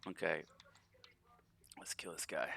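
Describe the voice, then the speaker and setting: A man's voice: rumbling low, slow, gravelly, pushed and bright, no room sound. A man casually commenting on his gameplay in a rambling, profane way, often repeating and restarting words. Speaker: gaming channel host.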